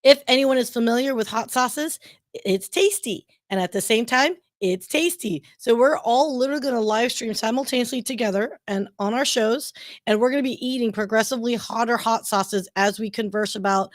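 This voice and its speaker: A woman's voice: a little high, a little fast, no echo, studio quality. A bubbly, teasing woman co-hosting a casual live-streamed podcast, promoting an upcoming event. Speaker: podcast co-host.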